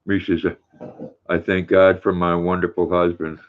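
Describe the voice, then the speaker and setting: Older male stream host, deep, folksy chat-reader, thin phone-quality audio. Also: level tone, moderate pace. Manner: folksy, warm with his dog, chatty. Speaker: livestream host. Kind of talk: reading viewer chat aloud on a livestream. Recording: tinny phone-like sound.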